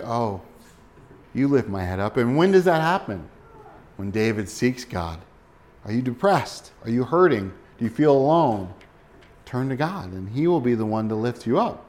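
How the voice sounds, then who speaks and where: Man preaching a sermon with direct questions. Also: mid-range voice. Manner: direct, asks listeners rhetorical questions. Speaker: pastor.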